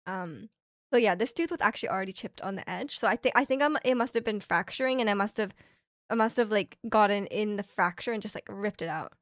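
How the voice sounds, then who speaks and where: A woman's voice: medium pitch, fairly quick, fairly bright tone, no room sound, studio quality. A young woman streaming from Canada, telling a rambling, chatty story full of fillers and restarts. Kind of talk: casual chat. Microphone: streaming microphone.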